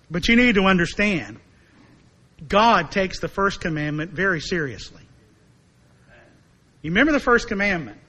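A man preaching a sermon in a high, bright, forceful voice. He is emphatic and slows down to repeat his main points. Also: expressive, poor audio.

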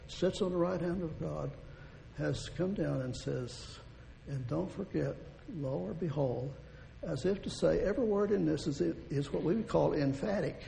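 A man preaching a sermon with a deeply gravelly, mellow voice, pitched a touch high for a man. He talks in a folksy, rambling way, circling back over his phrases. The sound rings with long reverb, over a faint low rumble. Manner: folksy, rambling with restarts, chuckles.

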